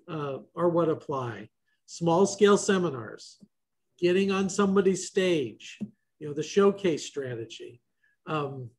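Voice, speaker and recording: A man hosting a casual roundtable over a video call, loose and joking. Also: high-pitched. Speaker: host.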